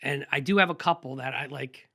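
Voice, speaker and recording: A man being interviewed about his photography work, telling quick, energetic anecdotes in a casual, rambling way. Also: mid-range voice. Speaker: guest photographer.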